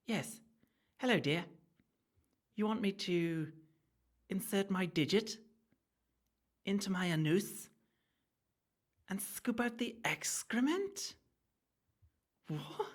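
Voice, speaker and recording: A man voicing a haughty, prim Victorian lady in a shrill, affected tone for a comedy podcast bit. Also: big pitch swings, slow, long pauses, full character voice.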